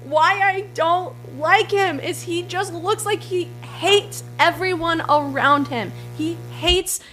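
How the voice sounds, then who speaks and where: A young woman co-hosting a casual sports podcast, blunt and ranting, quick to laugh. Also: very high voice, pushed and bright, faint music behind. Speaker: podcast co-host.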